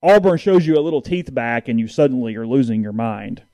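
A man's voice: medium pitch, a little fast, dry recording. A man co-hosting a sports podcast, talking casually and getting worked up in bursts of indignation. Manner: animated, indignant, rising to outbursts.

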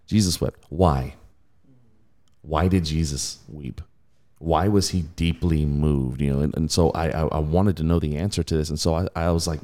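A man hosting a podcast, casually teaching from the Bible in an animated way, laughing and mimicking voices. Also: extremely low pitch, moderate pace.

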